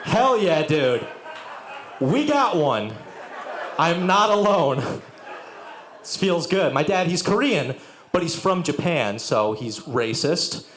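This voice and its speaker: A man's voice: on the high side, very animated, takes it slowly, pauses often, fairly bright tone, a little hiss or hum. A young man doing a sardonic stand-up set with crowd work and profanity at a live venue. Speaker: stand-up comedian. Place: live music venue with audience. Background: audience laughter.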